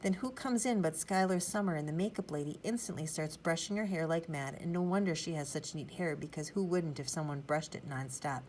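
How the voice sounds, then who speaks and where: A woman narrating a children's chapter book in the first person, rambling in a chatty, childlike way. Her voice sits on the low side. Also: brisk, few pauses, a little mellow, slight background noise, poor audio. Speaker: audiobook narrator.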